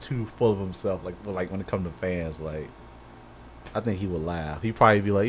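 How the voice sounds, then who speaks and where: Animated man telling a story. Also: low-pitched, normal speed. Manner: animated storyteller, acts out quotes with many "I'm like". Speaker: podcast co-host. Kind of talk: casual chat, storytelling. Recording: faint background noise, live stream audio.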